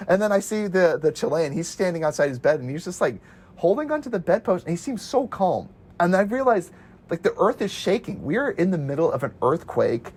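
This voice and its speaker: A man's voice: high-pitched, big pitch swings, brisk, a little mellow, slightly rough. A man casually recounting his missionary days as an interview guest, chatty, laughing often and acting out the voices he quotes.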